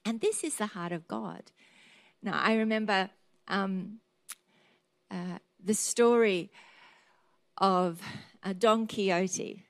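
A middle-aged woman preaching with earnest conviction, slipping into little acted-out voices as she tells her stories. Her voice sits at an ordinary pitch and is recorded close and dry, with no room sound. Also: fairly even intonation, slow, long pauses, no echo. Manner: earnest, storytelling, acts out quoted thoughts. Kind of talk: sermon.

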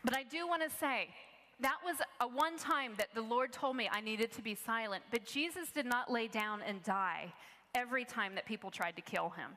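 Woman preacher, bright and forward tone, earnest storyteller, reverberant hall. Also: a little high, moderate pace. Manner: earnest storytelling, many restarts. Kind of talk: sermon.

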